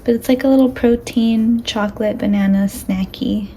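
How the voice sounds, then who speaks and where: A young woman chatting casually to her phone camera at home in a relaxed, self-deprecating vlog, with frequent apologetic asides. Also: fairly high pitch, normal speed, a little hiss or hum, poor audio. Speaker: vlogger.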